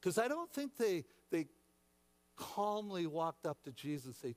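A man's voice: sits high, big pitch swings, a little slow. A man preaching a sermon as pastor, repeating words and restarting often, then dramatically acting out frightened voices. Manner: dramatic, acts out shouting disciples.

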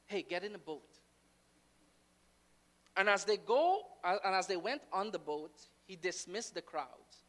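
Animated woman preacher delivering a sermon. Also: on the low side. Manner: dramatic swings from hushed to loud, animated storytelling.

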